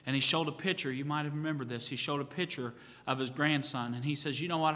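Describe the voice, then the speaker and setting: Bright-voiced pastor preaching in a reverberant church. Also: male voice, mid-range voice. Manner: folksy, repeats "you know what?", acts out quoted voices. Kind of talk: sermon. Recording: church sanctuary with long reverb.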